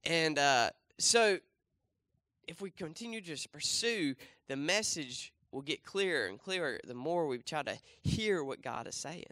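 A young pastor's slightly high voice sounds bright and forceful, with lively intonation and a slightly slow pace, recorded without echo. He preaches a casual church sermon with a volunteer demonstration, asking the congregation questions and often using fillers and restarting.

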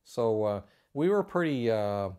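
An older man, a war veteran, recounting combat memories haltingly in a documentary interview. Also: medium pitch, sing-song, warm tone, clean tone. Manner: halting, many fillers.

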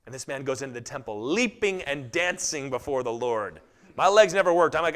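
A middle-aged man preaching a sermon, telling stories animatedly and acting out quotes in lively voices. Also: sits high, fast. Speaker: pastor.

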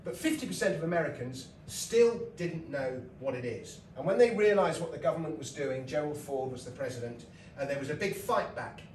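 A middle-aged man from Britain delivers a comic lecture, chatty and full of asides. His voice sits a little high, and it is picked up from a distance. The roomy hall carries a faint background hum. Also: expressive, a little fast, hardly any pauses. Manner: chatty storytelling with laughs and asides. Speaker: lecturer and comedian. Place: lecture hall with live audience.

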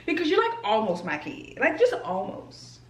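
A woman's voice: on the high side, moderate pace, reverberant. A young woman with a Southern US accent talking casually and animatedly to her viewers in a home vlog. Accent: Southern US, New Orleans area. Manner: animated, addresses viewers as y'all and child. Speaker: vlogger.

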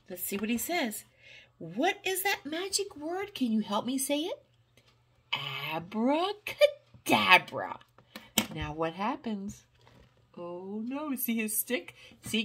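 A grandmotherly older woman with a slightly husky voice reads a picture book aloud to a little one. She takes her time, her pitch swooping up and down as she coaxes the child with questions. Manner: animated and coaxing, asking the child questions.

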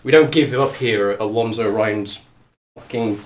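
A man streaming a game live, out of breath and excitable, talking to the character on screen and to his viewers. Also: lowish voice, unhurried. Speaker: let's play streamer. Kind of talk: live gameplay commentary. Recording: echoey room, mic at a distance.

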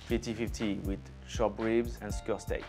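A man's voice: lowish voice, flat delivery, normal speed, dark tone. A middle-aged man with a French accent, a chef giving a chatty, playful cooking demonstration in a kitchen and dropping in French words. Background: background music and sizzling food.

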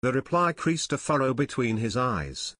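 Expressive male audiobook narrator. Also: medium pitch, moderate pace, dry recording. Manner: clear and expressive storytelling. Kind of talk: scripted narration.

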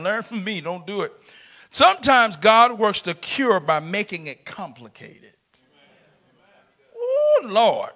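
A middle-aged man preaches in a church with a very high, bright voice. He swings between loud shouts and soft asides, and he laughs along with his congregation. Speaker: pastor. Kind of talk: sermon. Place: church sanctuary.

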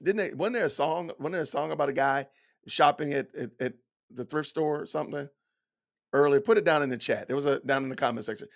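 A man's voice: on the high side, a little fast, gravelly. A middle-aged man reading lines from an essay aloud and reacting with incredulous, folksy rhetorical questions. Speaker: commentator.

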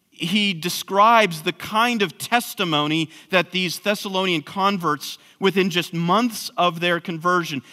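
A man's voice: sits high, pushed and bright. A man preaching an expository sermon, emphatic, with frequent restarts. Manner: emphatic, repeats words when restarting. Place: church sanctuary. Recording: long hall reverb.

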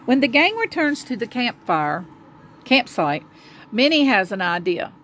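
A woman reading a children's storybook aloud to a child, gentle and expressive. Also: on the high side, a little slow, a little hiss or hum.

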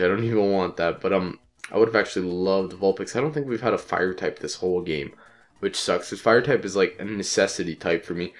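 Young male let's-player, low voice, stuffed up from a cold, offhand and cussing. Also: a little fast. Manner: rambling, profane, offhand. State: congested with a cold. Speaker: let's play commentator. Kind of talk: casual gameplay commentary.

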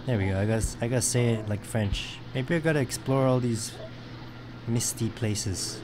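A man hosting a let's play, talking about his game and shouting commands between chatty asides. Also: medium pitch, brisk, a little hiss or hum. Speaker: gaming video host.

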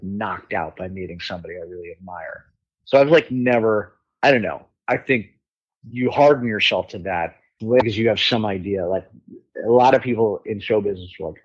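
A man's voice: on the low side, fairly bright tone, breathy edge, lo-fi sound. A middle-aged man, a musician guest on a podcast, telling stories in a candid, rambling way, swearing freely and using many fillers. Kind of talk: casual storytelling chat.

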